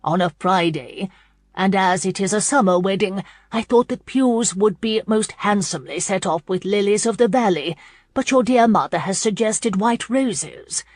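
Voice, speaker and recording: A woman's voice: medium pitch, moderate pace, darkish tone, no room sound, studio quality, pitched above the performer's own voice, natural voice. A woman voicing a fussy, prim elderly society matron who insists on her wedding plans in a storybook reading.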